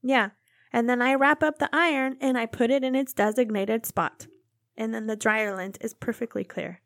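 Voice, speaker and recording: A young woman telling a long, animated story about a domestic squabble, acting out both sides of the argument. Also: fairly high pitch, normal speed, dry recording, studio quality. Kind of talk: casual storytelling chat.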